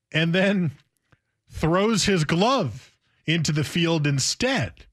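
A man in his thirties co-hosting a sports radio show, telling stories with laughs and acted-out quotes. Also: on the high side. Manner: animated storytelling, acts out quotes with laughs. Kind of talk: casual sports radio banter.

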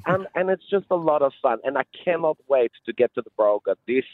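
A man's voice: mid-range voice, expressive, brisk, no echo, lightly acted. A man playing a flamboyant, campy male disco diva character, theatrical and calling everyone honey and darling, speaking over a phone line. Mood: camp. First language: not English. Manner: camp, theatrical, calls people honey and darlings. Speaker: stage performer guest. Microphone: phone call.

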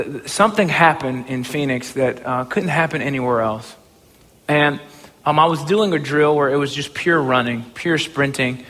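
Man, motivational speaker, humorous storytelling, self-mocking, excitable, bright voice, reverberant hall. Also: fairly high pitch. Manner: animated, self-mocking, bursts into excited shouts.

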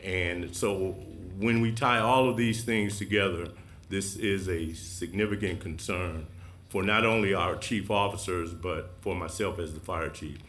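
A fire chief addresses a city council in a deep voice. He speaks earnestly, pausing on "uh"s as he presses for support. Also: steady tone, fairly bright tone. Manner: earnest, with fillers. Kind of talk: testimony to a council.

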